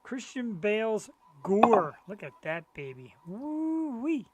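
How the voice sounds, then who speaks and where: A man's voice: high voice, expressive, a little fast, crowd noise. A middle-aged man chats on a live web show as co-host. He talks about his collectible finds in a loose, enthusiastic, conversational way. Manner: chatty, enthusiastic collector talk. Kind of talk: casual live-show chat.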